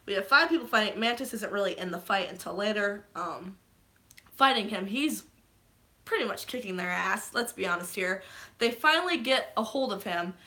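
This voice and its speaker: A woman casually recapping a movie's plot in a vlog, excitable, swearing freely and geeking out. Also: mid-range voice, normal speed. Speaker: vlogger.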